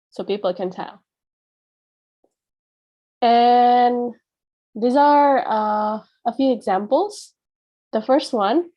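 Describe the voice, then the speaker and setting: A woman teaching a class in a patient, explanatory way. Her voice sits a little high, and she talks at an unhurried, slow pace. She keeps checking in with her students as she goes. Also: warm tone, lo-fi sound. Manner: patient and explanatory, with frequent "yeah" check-ins; acts out example phrases with a changed tone. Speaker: English teacher.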